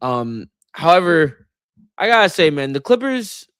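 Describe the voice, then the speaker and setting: Casual sports co-host, male, higher-pitched and animated, exasperated, dry recording. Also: measured pace, clean tone, dry recording.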